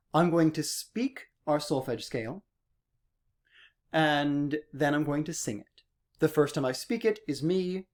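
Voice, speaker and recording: A man's voice: on the high side, a little mellow. Playful male music teacher. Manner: playful, exaggerates vowels and consonants to demonstrate. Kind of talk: recorded singing lesson for students.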